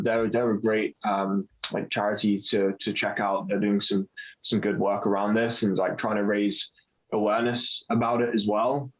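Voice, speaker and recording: A man from Canada hosting a podcast, talking casually and hesitantly with many fillers. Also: fairly low pitch. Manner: relaxed, hesitant, lots of fillers. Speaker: podcast host. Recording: dull lo-fi sound.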